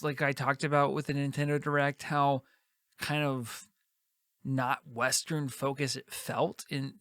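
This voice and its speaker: A man's voice: medium pitch, fairly bright tone, no room sound, clean studio sound. A man co-hosting a gaming podcast, giving wry, opinionated takes in casual chat. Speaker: podcast co-host.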